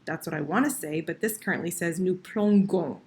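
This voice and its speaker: A low, gravelly female voice moves fast with lively intonation. She's giving a screen-recorded lesson on conjugating French verbs, patiently talking while she types and correcting herself along the way.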